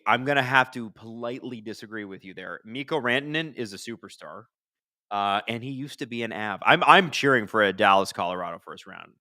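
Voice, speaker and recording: A man hosting a live hockey watch-along, chatting casually and answering viewer questions, bursting into excited shouts at big plays. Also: mid-range voice, no echo, studio quality. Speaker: hockey livestream host.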